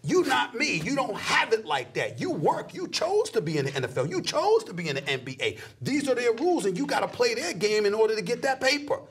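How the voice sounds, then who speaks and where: A middle-aged man in an animated interview, emphatic and preachy, dropping low then shooting up into high exclamations. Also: brisk, hardly any pauses, slightly rough. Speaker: sports commentator guest.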